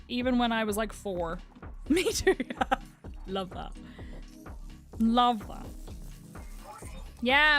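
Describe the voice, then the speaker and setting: A young adult woman streaming a game from home, chatting candidly and telling stories with a lot of laughter. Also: a little high. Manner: chatty and candid, laughs often, animated storyteller. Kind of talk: casual chat while gaming live.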